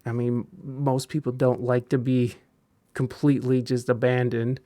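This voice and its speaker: A man hosting a casual podcast chat, talking in halting bursts with many restarts and fillers. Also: mid-range voice, little pitch movement, warm tone, dry recording. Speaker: podcast host.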